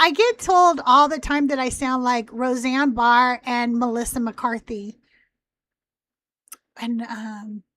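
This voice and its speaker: A woman's voice: high voice, pushed and bright. A woman hosting a live call-in show, chatting casually in a rambling way with a youthful, teen-like voice. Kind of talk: casual live-stream chat.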